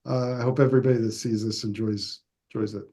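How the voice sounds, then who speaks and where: Man, filmmaker, casual interview, animated storytelling, restarts often. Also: medium pitch, quick pace. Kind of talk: casual interview over video call.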